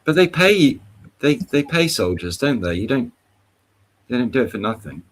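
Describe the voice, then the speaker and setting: A man's voice: medium pitch, sing-song, normal speed. A man chatting easygoingly on a live call, talking hesitantly with a few stumbles. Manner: easygoing, hesitant, with fillers and restarts. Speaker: participant in open discussion. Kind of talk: casual chat on a live voice call.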